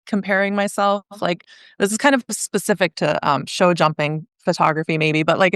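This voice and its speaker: A woman's voice: mid-range voice, a bit bright, smooth, dry recording, clean studio sound. A woman guest on a podcast interview, talking casually and filling her speech with "like" and "um.". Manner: chatty, many "like" and "um" fillers, laughs easily. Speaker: podcast guest, show jumping photographer.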